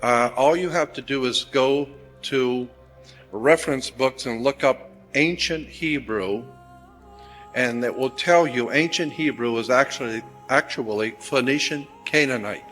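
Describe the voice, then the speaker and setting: A man giving a measured, explanatory talk with deliberate pauses. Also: mid-range voice, fairly bright tone, soft background music. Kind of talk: explanatory lecture.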